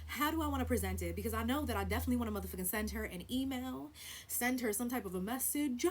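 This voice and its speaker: A woman telling a story on her vlog in a blunt, profane, animated way, with loud stresses and hushed asides. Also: fairly high pitch, quick pace. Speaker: vlogger.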